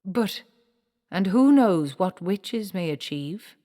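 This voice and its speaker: An excitable male dwarf playwright, put on by a woman reading aloud bursts out in urgent, breathless lines. The voice jumps high and wide in pitch. A long hall reverb trails behind every word. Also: slow pace. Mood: earnest.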